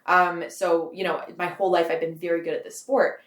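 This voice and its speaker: A young Canadian woman in her twenties rattles on quickly in a slightly low voice, piling up "like" as she goes. Her voice rings with a bit of room echo. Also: level tone. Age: 20s. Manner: rambling, heavy use of "like", frequent laughs. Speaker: guest author. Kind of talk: casual interview.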